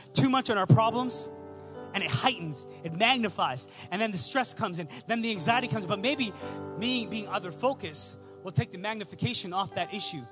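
A young man delivers a sermon in a strikingly high voice, weaving personal stories into emphatic, repeated appeals. Faint music plays underneath. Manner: storytelling, emphatic repetition. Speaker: preacher.

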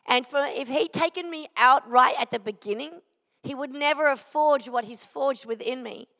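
A woman's voice: high voice, normal speed, gravelly, sharp tone. A middle-aged woman giving an earnest sermon, sharing a personal testimony and driving her points home with repeated phrases. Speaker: preacher. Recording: long hall reverb.

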